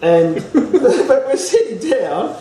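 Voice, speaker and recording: A man's voice: very high voice, very animated, takes it slowly, dark tone. A man, an interview guest, telling a personal story casually and rambling, with many fillers and restarts. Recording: roomy, distant mic, faint ambience.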